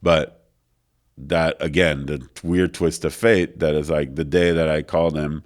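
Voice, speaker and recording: In a recording studio, a male interview guest casually tells a long anecdote, voicing the other people in it and leaning on lots of fillers. His voice is a rumbling low, and he takes his time.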